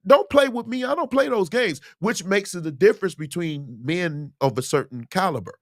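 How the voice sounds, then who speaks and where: Male host, casual livestream Q&A, emphatic and lively, high voice. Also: moderate pace, no room sound, studio quality. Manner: animated, emphatic, preachy asides. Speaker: host, musician.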